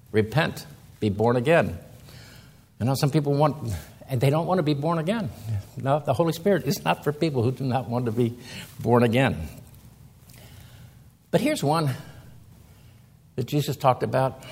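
A man preaching a sermon, reading scripture slowly and then explaining it with emphatic rises in his voice. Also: mid-range voice, a little mellow, husky.

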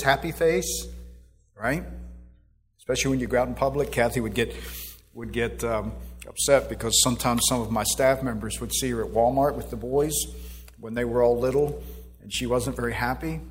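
A middle-aged man preaching a sermon as pastor, swinging from loud exhortation to soft asides. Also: medium pitch.

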